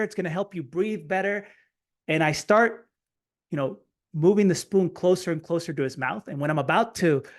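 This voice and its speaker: A middle-aged man telling a personal story in a webinar talk, animated, acting out quotes with stammered restarts. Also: fairly high pitch. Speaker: webinar speaker.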